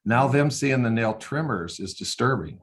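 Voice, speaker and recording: An older man, a veterinarian, telling casual stories with lively sound effects. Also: mid-range voice, normal speed. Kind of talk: casual storytelling.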